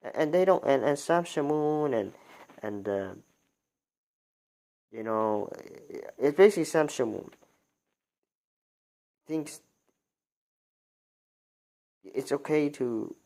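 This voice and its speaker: A man giving unscripted livestream commentary, halting and stumbling over his words, with frustrated rhetorical questions. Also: fairly high pitch, lively intonation, darkish tone. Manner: halting, many restarts and repeated words.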